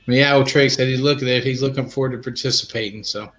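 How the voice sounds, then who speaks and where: A man's voice: mid-range voice, steady tone, quick pace, a bit bright, slight background noise. Easygoing man on a live stream. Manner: easygoing, laughs often, folksy grammar. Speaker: co-host of RV live chat. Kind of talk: casual live-stream chat.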